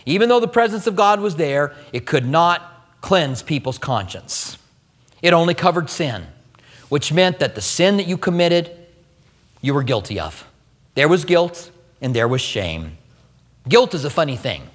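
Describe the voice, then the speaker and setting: A male pastor preaching a sermon to a congregation, emphatic, swinging his pitch and pace and repeating phrases for emphasis. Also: a bit bright. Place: church sanctuary before a congregation. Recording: sermon with long hall reverb.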